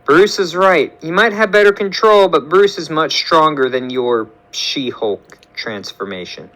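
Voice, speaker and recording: A man voicing a calm, caring woman scientist and mother who speaks gently and slowly. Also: a little high, poor audio. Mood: explaining.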